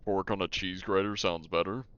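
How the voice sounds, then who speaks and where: A man's voice: sits low, steady tone, normal speed, fairly bright tone, clear, resonant tone, dull audio. A young man streaming a game, chatting casually with viewers, reading their messages aloud and laughing easily at a desk mic. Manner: laid-back, reads chat aloud, laughs often. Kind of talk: casual live-stream chat.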